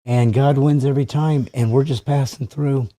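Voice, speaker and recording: A man's voice: medium pitch, steady tone, normal speed, warm tone. A man hosting a studio podcast, talking in an earnest, encouraging, somewhat preachy way. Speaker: podcast host. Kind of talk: interview chat.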